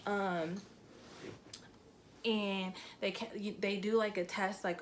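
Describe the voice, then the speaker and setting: A woman's voice: on the low side, flat delivery, unhurried, a little hiss or hum. Chatty young woman telling a story. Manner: chatty, filler-heavy, emotional retelling. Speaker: vlogger. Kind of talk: casual story time.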